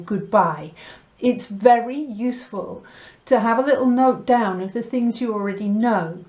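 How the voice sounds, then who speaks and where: A woman teaching a Spanish lesson, drilling sounds clearly and slipping Spanish words into her English. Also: fairly high pitch, a little mellow. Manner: slow, clear pronunciation drills with light laughs. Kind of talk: recorded language lesson.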